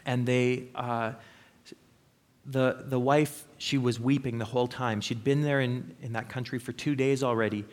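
A man's voice: mid-range voice, steady tone, a little slow. Earnest middle-aged male preacher. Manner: earnest storytelling, with frequent fillers. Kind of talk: sermon.

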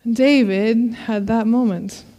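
Female preacher, high voice, expressive scripture reading, parent. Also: slow. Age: adult parent. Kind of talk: sermon.

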